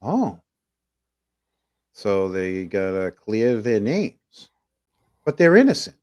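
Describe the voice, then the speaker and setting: A man's voice: on the low side, sing-song, slow pace, darkish tone. Rambling New man on a talk stream. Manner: rambling, reads viewer comments aloud, many fillers. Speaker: podcast co-host. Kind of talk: casual livestream talk show.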